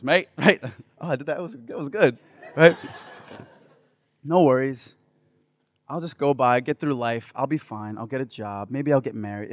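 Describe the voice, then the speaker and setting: A man giving a faith talk to a live audience, playful and building to loud, enthusiastic bursts. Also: medium pitch, dry recording. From United States. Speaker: Catholic speaker.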